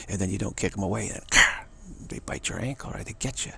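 Male spiritual teacher, heavy vocal fry, lowish voice; rambling, repetitive talk with a faint hiss underneath. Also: fast talker, hardly any pauses, bright, forceful tone. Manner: repetitive, stammering restarts; mocking high voices for quoted people.

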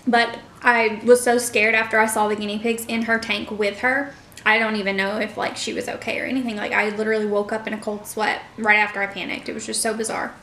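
A woman's voice: medium pitch, little pitch movement, brisk, fairly bright tone, roomy sound, a little hiss or hum. A young woman chatting casually to her viewers in a mukbang vlog, full of fillers like "like" and "you know". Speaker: vlogger. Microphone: camera mic.

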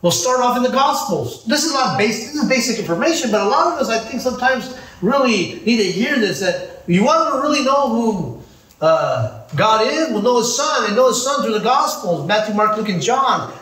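A man preaching as a pastor, joking and calling out to his congregation in a lively sermon. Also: high-pitched, reverberant, recorded from a distance, poor audio. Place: church.

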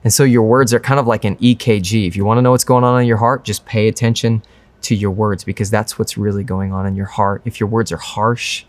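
A man's voice: fairly low pitch, steady tone, fairly quick, no room sound. A young man preaching a sermon as pastor, earnest and conversational.

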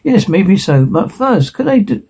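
A man's voice: sits high, very animated, measured pace, creaky, warm tone, husky, low-quality recording. A man dubbing a whole scene alone, switching between characters and reading the sound cues aloud. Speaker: voice performer. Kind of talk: solo dub of a TV scene.

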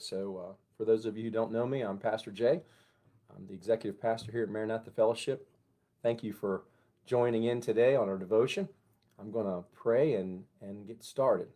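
A man who is a pastor, giving a conversational morning devotion and prayer in a gentle, unhurried way. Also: on the low side.

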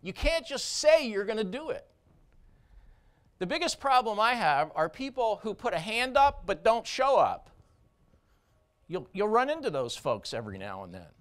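Man, surgeon, keynote speech, high voice, very animated pitch, blunt, emphatic, punchy repetition. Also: normal speed, pauses often.

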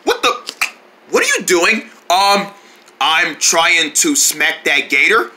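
An amateur performer voicing Milky, a brash cartoon character who yells, taunts and makes mock sound effects. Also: medium pitch, lively intonation, slow pace, heavily acted. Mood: frantic. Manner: frantic outbursts, yelling, mock sound effects.

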